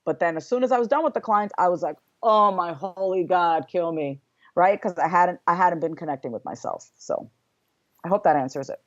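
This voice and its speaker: Animated woman with a low voice, dull audio. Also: fast talker, no echo. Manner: animated, acts out inner voices. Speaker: podcast guest. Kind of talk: candid interview talk.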